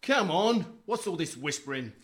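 A man's voice: mid-range voice, expressive, normal speed, fairly bright tone, lightly acted. An actor with a British accent playing a pompous, bullying wealthy man who sneers at his brother in a sitcom. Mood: scornful. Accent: British English. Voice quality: sneering, contemptuous. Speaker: rich brother negotiating a property deal. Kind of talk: sitcom acting.

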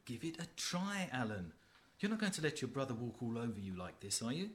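A man's voice: mid-range voice, expressive, brisk, lightly acted. An actor with a British accent playing a flustered, hesitant man posing as a financial advisor in a sitcom. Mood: bemused. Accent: British English. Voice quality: hesitant, bemused. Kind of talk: sitcom acting.

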